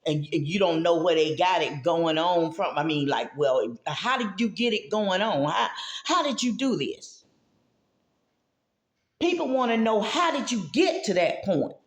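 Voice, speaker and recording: A woman's voice: fairly low pitch, expressive, measured pace, roomy sound. A woman giving a motivational talk about mental health, with a preachy, emphatic manner that speaks straight to the listener.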